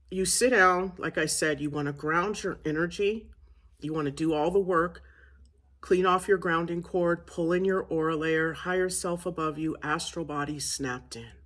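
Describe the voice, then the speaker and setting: A woman giving an earnest, casual spiritual lesson, repeating phrases and at times bursting into loud shouts. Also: sits low. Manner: earnest, repetitive, bursts into shouting during demonstrations. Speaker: spiritual teacher. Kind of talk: casual spoken teaching to camera.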